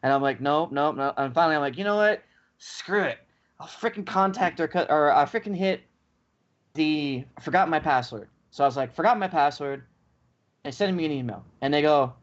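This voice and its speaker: A man co-hosting a podcast, ranting in a casual chat and acting out both sides of the story. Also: mid-range voice. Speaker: podcast co-host. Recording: dull lo-fi podcast audio.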